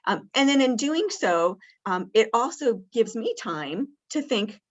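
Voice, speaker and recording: This woman's voice sits a little high, with lively intonation and a measured pace, though the recording is muffled. She's leading an interactive training session on talking with people who have dementia, chatting casually with plenty of fillers. When she plays the caregiver, her lines come out bright and lifted.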